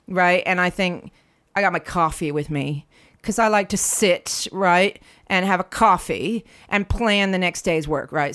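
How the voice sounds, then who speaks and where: A woman's voice: mid-range voice, fairly bright tone. An American woman co-hosting a casual podcast, telling an indignant story with lots of asides. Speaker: podcast co-host.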